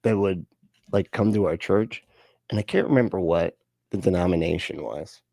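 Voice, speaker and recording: A man's voice: low-pitched, normal speed, creaky, dark tone, dry recording, studio quality. A man hosting a live reaction stream, sarcastic and laughing through his jokey asides.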